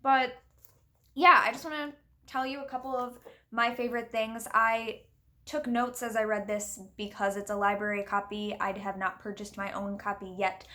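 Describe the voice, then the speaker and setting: A woman's voice: a little high, flat delivery, moderate pace, sharp tone. Chatty, earnest woman vlogger. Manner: chatty and earnest, explaining at length with little asides. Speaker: witchcraft book reviewer. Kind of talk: casual book review vlog.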